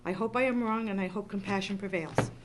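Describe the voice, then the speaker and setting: A woman's voice: medium pitch, fairly even intonation, fairly quick, very noisy. A woman making an earnest public comment at a town board meeting, reading a prepared statement. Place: town hall meeting room.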